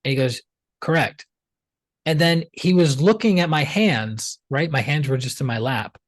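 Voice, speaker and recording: With a fairly high pitch and an ordinary pace, a man who is a pranic healer tells a story as a guest on a podcast, recorded dry with no echo. He chats animatedly, voices the dialogue he quotes, and fills his speech with "like."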